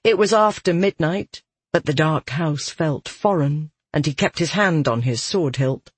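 Slow husky narrator for fantasy audiobook, steady read, dry close sound. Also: mid-range voice, dry recording.

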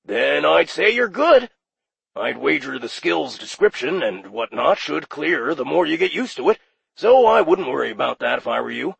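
A man voicing a friendly male demon phone operator with a raspy voice and chummy customer-service patter, in an audiobook. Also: fairly high pitch, sing-song, normal speed, a bit bright, no echo, pitched above the performer's own voice, heavily acted. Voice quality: raspy, gravelly. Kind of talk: audiobook character voice.

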